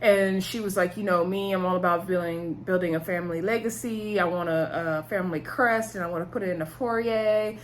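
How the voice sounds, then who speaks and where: A woman's voice: fairly low pitch, fairly even intonation, fairly quick, few pauses, a little hiss or hum. Chatty woman recapping a show. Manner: chatty, talks to viewers as "y'all", laughs often. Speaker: reality TV recap vlogger.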